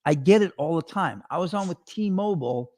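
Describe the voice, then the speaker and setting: A male talk show host telling rambling, animated stories in a casual chat, with a radio-style voice. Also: on the high side, a little fast, no echo, studio quality. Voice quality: gravelly radio voice. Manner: rambling, animated storyteller with restarts.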